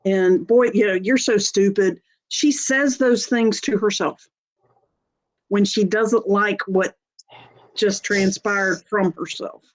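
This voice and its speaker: A woman's voice: medium pitch, slow pace, low-quality recording. A woman co-hosting a casual podcast who tells anecdotes in a chatty way and laughs easily. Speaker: podcast co-host. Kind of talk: casual conversational podcast chat.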